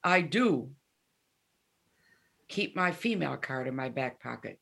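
A woman's voice: extremely low pitch, unhurried, gravelly, husky. A woman of seventy, a guest musician, chatting in an interview and animatedly telling stories, acting out the dialogue. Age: 70s. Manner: animated storyteller, acts out dialogue. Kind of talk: casual interview chat.

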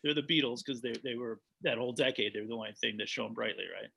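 A man's voice: medium pitch, quick pace, gravelly, pushed and bright, breathy edge. A man, a documentary director, telling stories in a casual interview, rambling with frequent restarts.

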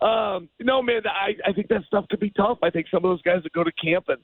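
Man, emphatic storyteller, dry close sound, quick delivery. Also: sits high, no room sound, poor audio. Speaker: guest, former fighter. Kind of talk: podcast interview storytelling.

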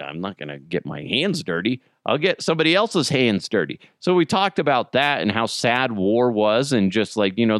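A man's voice: mid-range voice, a bit bright, dry recording, studio quality. Casual, profane male podcast host.

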